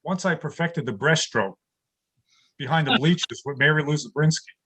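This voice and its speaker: An older man in his sixties, from New York City, works through a stand-up set on a video call from his home studio. His voice sits a touch high for a man, and he laughs along at his own punchlines. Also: moderate pace, a bit bright, slightly rough. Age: 60s. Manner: punchline-driven, chuckles at own jokes. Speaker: stand-up comedian.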